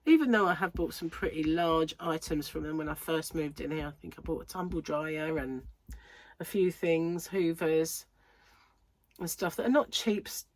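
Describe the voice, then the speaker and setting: Chatty woman host, lowish voice, a bit snuffly and breathless, rambling and giggly, dry close sound. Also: normal speed, no echo. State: slightly congested and out of breath. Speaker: crochet channel host. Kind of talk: casual chat to camera. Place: home room under lights.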